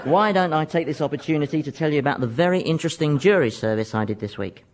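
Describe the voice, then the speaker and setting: A man's voice: fairly high pitch, expressive, fast talker, noisy background. A man co-hosting a comedy radio show, chatty and mock-earnest.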